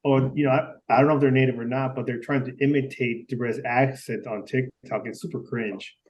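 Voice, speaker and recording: A man who stutters, a podcast guest speaking casually with halting restarts. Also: medium pitch, steady tone, darkish tone, distant mic, poor audio. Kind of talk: casual chat.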